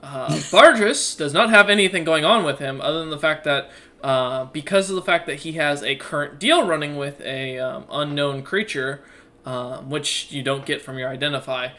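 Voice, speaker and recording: A man running a tabletop game as game master, often pausing with uh and um. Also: a little high, pushed and bright. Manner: hesitant, fills pauses with uh and um.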